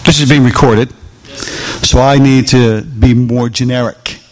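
A man's voice: mid-range voice, steady tone, measured pace, poor audio. A middle-aged man preaching a sermon to a congregation, repeating lines for emphasis and asking them questions. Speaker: pastor. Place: church sanctuary with congregation.

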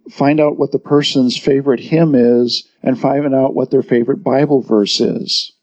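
A man's voice: medium pitch, warm tone. Folksy preacher man, muffled recording. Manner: folksy storytelling with humor. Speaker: pastor. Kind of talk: sermon. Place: church sanctuary.

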